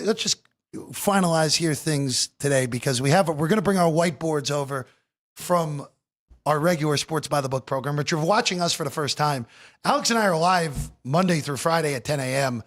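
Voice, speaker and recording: A man's voice: on the high side, normal speed. A man hosting a sports betting talk show from a studio, chatty and joking with guests, heavy on fillers. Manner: chatty, fillers, jokey banter.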